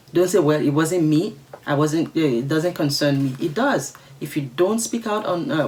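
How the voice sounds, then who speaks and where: A woman's voice: low voice, a little mellow, a little hiss or hum. A woman vlogger reading viewer letters aloud and commenting on them in a casual, emphatic, outspoken way, repeating her points for stress.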